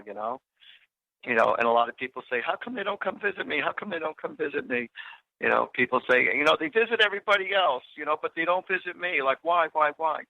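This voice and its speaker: A man's voice: medium pitch, sharp tone, dry recording. A middle-aged man hosting a psychic radio show, telling personal stories in a rambling, casual way full of fillers and restarts. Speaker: psychic medium radio host. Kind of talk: casual storytelling on talk radio. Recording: lo-fi radio broadcast.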